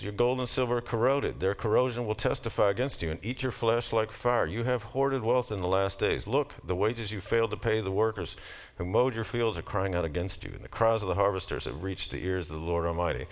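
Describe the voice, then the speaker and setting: Speaking at a normal pace in an animated, somewhat low voice, a middle-aged man delivers a relaxed lecture. Conversational stretches give way to scripture he reads aloud with mounting emphasis.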